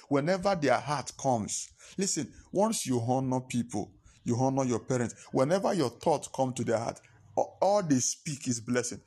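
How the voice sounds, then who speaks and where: A man's voice: medium pitch, dark tone, slightly rough. A man preaching a sermon as a pastor, repeating his points and acting out phone calls with his father in pidgin.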